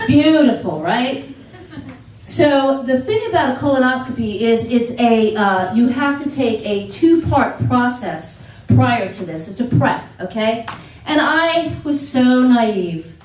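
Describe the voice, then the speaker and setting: A woman doing a stand-up set on a comedy theater stage, telling stories with animated exclaimed asides. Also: a little high, a little hiss or hum. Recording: echoey theater, distant mic.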